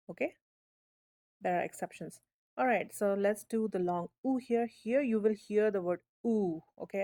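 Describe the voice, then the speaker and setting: A woman's voice: medium pitch, dark tone. A woman teaching a phonics lesson, sounding out letters patiently and checking in with "okay?". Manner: drawn-out demonstration sounds, frequent "okay?" checks.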